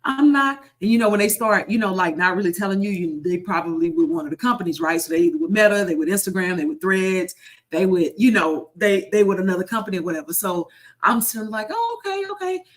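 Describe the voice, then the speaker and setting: A woman content creator telling a story in a casual vlog, repeating phrases for emphasis and slowing into a preacher-like cadence. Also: fairly low pitch. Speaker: content creator and online group founder.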